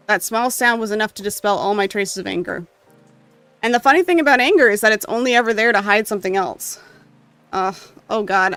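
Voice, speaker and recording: A gamer reading a story game's text aloud with emotional, expressive delivery and occasional asides. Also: medium pitch, smooth. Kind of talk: dramatic reading of game text.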